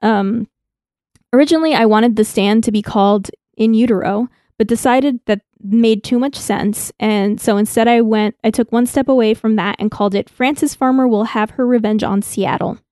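A woman's voice: on the high side, normal speed, warm tone, smooth, dry recording, studio quality. A young adult woman, a native Spanish speaker, co-hosting a podcast in loose, chatty talk and reading listener emails aloud. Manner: laughs often, loose and chatty. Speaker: podcast co-host.

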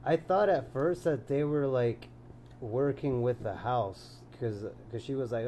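A man's voice: medium pitch, moderate pace, mellow, slight background noise. A man co-hosting a podcast, chatting casually about a movie in a laid-back way and saying "dude" a lot. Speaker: podcast co-host. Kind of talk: casual movie review chat.

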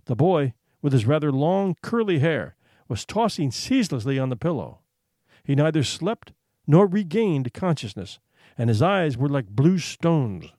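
A man reading a dramatic short story aloud, building suspense with expressive, hushed pauses. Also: on the high side, no echo, studio quality. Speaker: narrator.

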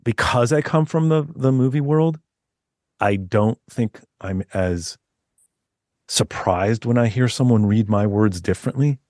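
A man's voice: medium pitch, a little slow, a little mellow, no echo, studio quality. A man speaking as an author guest in a casual podcast interview, chatty and laughing often, with frequent restarts.

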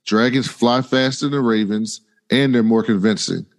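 Male podcast co-host, middle pitch, casual slangy recap voice. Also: moderate pace. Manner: retells scenes in slangy paraphrase, animated voices for quotes.

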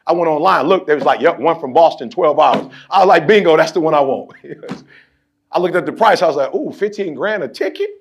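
High-pitched man preaching motivation. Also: animated, fairly quick, slight background noise. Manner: preachy, repetitive call-and-response, folksy storytelling. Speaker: motivational speaker addressing a team. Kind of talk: animated motivational speech with storytelling.

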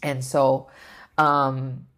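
A woman's voice: a bass voice, flat delivery, extremely slow, fairly bright tone. A woman vlogger recounting a personal experience in a rambling way, full of fillers and restarts. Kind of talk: personal storytelling.

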